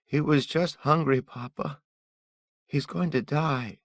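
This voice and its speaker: A man reads a frightened young boy, raising his voice high to sound small and tearful. The pleading stays soft, with a gravelly grain under it, recorded close and dry. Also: slow, dry recording.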